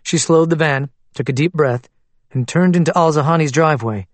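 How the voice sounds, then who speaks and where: A man narrating a thriller audiobook in a steady, even storytelling manner. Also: fairly high pitch, brisk, no echo.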